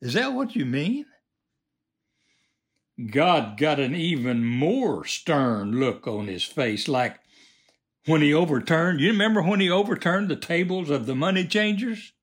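Brief: male lecturer, slow and emphatic, very lively pitch. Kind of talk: preachy moral monologue.

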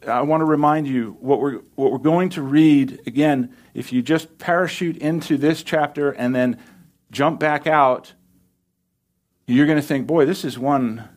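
A man preaching a conversational Bible sermon, emphatic, with animated asides to the congregation. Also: medium pitch. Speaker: pastor.

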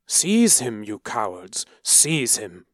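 A cold, commanding priest with a deep, lowered voice, as a male narrator puts him on. He speaks slowly and hard, barking orders in a dry, close storybook reading. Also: expressive, no echo. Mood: stern.

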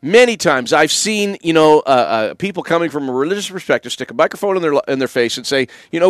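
A man's voice: fairly high pitch, expressive, fast, few pauses, a bit bright, no room sound, clean studio sound. A man hosting a call-in talk radio show, emphatic and opinionated with sardonic asides.

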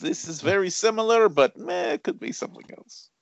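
A man voicing a weary old villager with a put-on Eastern European accent, speaking slowly and mournfully. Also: high-pitched, wildly swooping pitch, gravelly, voice pushed up, exaggerated voice. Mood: gloomy. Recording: dull lo-fi dry recording.

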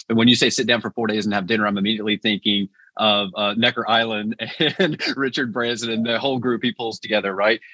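Chatty male host, lowish voice, dry close mic, trips over words. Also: quick pace, hardly any pauses, pushed and bright, breathy edge, no room sound. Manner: eager, stumbling restarts. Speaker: podcast host. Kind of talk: conversational interview.

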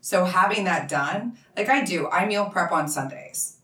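A woman hosting a casual chat, eager and quick to agree with her guest. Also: on the low side, a bit bright, far from the mic. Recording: roomy echo, voice a bit off-mic.

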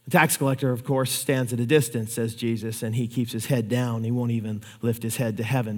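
A man preaching a sermon, telling stories with lively acted-out quotes. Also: mid-range voice, fairly quick, few pauses, long reverb tail. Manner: animated storytelling, acts out quotes. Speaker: pastor.

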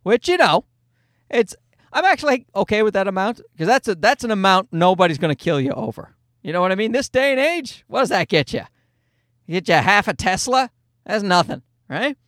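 A man hosting a solo comedy podcast, telling stories in an animated, swearing, voice-acting way. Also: sits high, normal speed, no room sound, studio quality. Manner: animated storyteller, swears freely, acts out voices. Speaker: podcast host. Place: Toronto.

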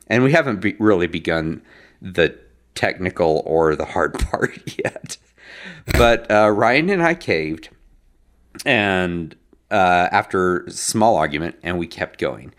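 A man's voice: low voice, lively intonation, slow, fairly bright tone. A man co-hosting a podcast, chatting casually and telling a rambling story with laughs. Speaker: podcast co-host.

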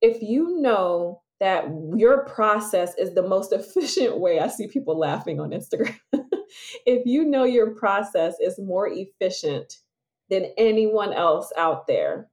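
A woman, hosting a casual solo podcast as a business coach, chatty and lively, laughing often as she talks. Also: medium pitch, unhurried.

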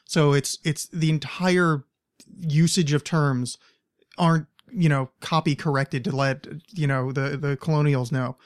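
An American man hosting a casual podcast chat, his voice a little higher than most men's. He talks in an animated, loose way, laughs easily and swears casually. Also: a little slow. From United States. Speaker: podcast host.

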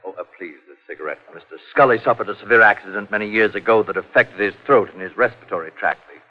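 A man's voice: on the low side, quick pace, a little hiss or hum, lightly acted. An actor playing a pompous, fussy male physician who talks at length, hemming and coughing, in 1940s radio acting. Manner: pompous, long-winded, hemming with uhs and coughs. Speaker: doctor. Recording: muffled 1940s radio broadcast.

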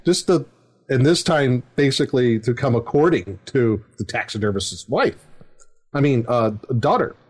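A man's voice: medium pitch, animated, normal speed, husky. Rambling middle-aged man telling a game story. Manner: rambling, chuckling, many fillers. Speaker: dungeon master, podcast host. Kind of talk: casual storytelling chat.

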